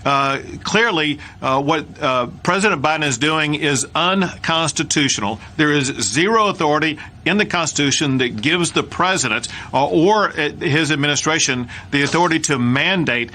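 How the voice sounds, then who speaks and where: A man answering in a television interview, firm and measured with frequent fillers, played as a clip. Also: fairly high pitch, lively intonation, pushed and bright, a little hiss or hum. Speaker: politician.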